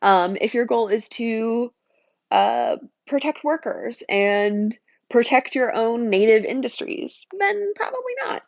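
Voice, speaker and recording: A woman's voice: on the high side, takes it slowly, darkish tone, no echo, muffled recording. A woman teaching a casual, chatty lecture, talking conversationally with many fillers and asides.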